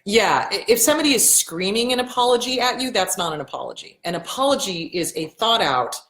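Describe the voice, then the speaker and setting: A middle-aged woman hosting a casual live Q&A, blunt and animated, swearing freely and acting out the voices she quotes. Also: mid-range voice, a little fast, reverberant. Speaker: host answering viewer questions.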